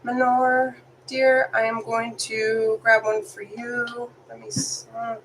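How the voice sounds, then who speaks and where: A woman's voice: a little high, little pitch movement, slow, a bit bright, slight background noise, low-quality recording. A woman who is sick, doing a live tarot reading for viewers, chatty and apologetic, reading card meanings aloud. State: sick, congested. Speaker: tarot reader.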